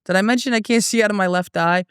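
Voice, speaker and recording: Speaking fast and smoothly at medium pitch, this young woman from around Boston, with the local accent, records her solo podcast in echo-free studio quality. The comedian sips beer and swears her way through meandering, slightly drunk stories, frequently starting over.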